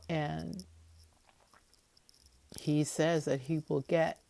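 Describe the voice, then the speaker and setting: A woman's voice: low-pitched, little pitch movement, slow pace, pauses often, warm tone. A woman giving a chatty, wry recap of a TV episode, with lots of fillers as she talks it through. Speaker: TV episode commentator.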